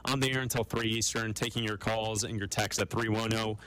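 A man co-hosting a national sports radio talk show, brisk and conversational, moving quickly through show promos and game breakdown. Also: lowish voice, steady tone, a bit bright, poor audio.

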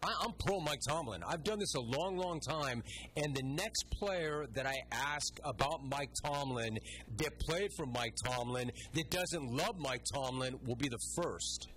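A man's voice: mid-range voice, animated, measured pace, fairly bright tone, slight background noise. A man hosting a sports interview, enthusiastic and emphatic, often repeating himself for stress. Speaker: sports show host.

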